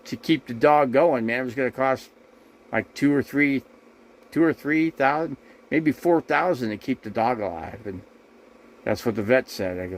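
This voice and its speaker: A man's voice: medium pitch, normal speed, slight background noise, poor audio. A man hosting a casual livestream from his RV, talking straight to his viewers in a rambling, repetitive and defensive way. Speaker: RV living livestream host. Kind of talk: casual livestream talk to chat.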